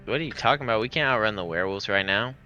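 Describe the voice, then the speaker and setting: A man's voice: fairly low pitch, rapid-fire, sharp tone, muffled recording, soft background music. A man talking casually as a player at a tabletop game.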